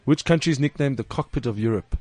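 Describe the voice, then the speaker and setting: A man's voice: mid-range voice, fast, a little mellow, slight background noise. A man with a South African accent hosting a podcast, joking around and quizzing his co-hosts in casual chat. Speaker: podcast host.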